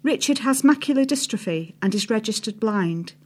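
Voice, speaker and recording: A woman with a fairly high voice reads a newspaper feature aloud. She narrates in an even, measured way and drops low on each "she says" tag. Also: slightly rough. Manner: reads quotes with a lift, drops for speech tags. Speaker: narrator reading an article. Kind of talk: scripted narration reading quotes aloud.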